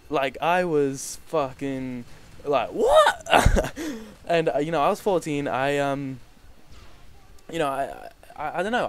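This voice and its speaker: A man's voice: mid-range voice, a little hiss or hum. A young man vlogging, telling a personal story to camera in a rambling, casual way, swearing freely and often restarting his sentences. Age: young adult.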